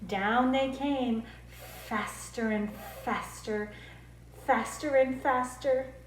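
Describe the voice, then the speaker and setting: A woman speech therapist reading picture books aloud to children, slow, clear and expressive. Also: on the high side, a little hiss or hum. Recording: roomy echo.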